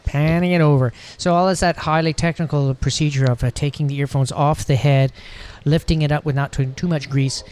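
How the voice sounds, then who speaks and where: A man's voice: fairly high pitch, steady tone, brisk, hardly any pauses, a little mellow, smooth. A man co-hosting a casual podcast, joking, teasing and rambling. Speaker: podcast co-host.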